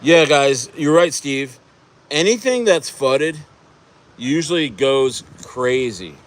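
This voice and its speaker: A man's voice: mid-range voice, lively intonation, slow. A man from New Jersey hosting a livestream in casual chat, rambling with many restarts. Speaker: livestream host.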